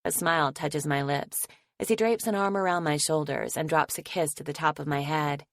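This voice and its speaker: A woman narrating a first-person romance audiobook in a soft, affectionate way. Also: low voice, fairly even intonation, normal speed, no room sound, clean studio sound.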